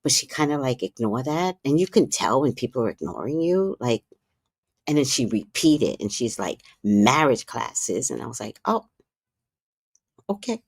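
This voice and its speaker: A woman with a low voice tells stories on a livestream, and her pitch leaps and dips all the way through. She drops to hushed asides and then bursts out loud, and she swears freely. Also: normal speed, slightly rough, no echo. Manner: animated, swings from hushed asides to loud outbursts, profane. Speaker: livestream host. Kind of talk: casual storytelling chat.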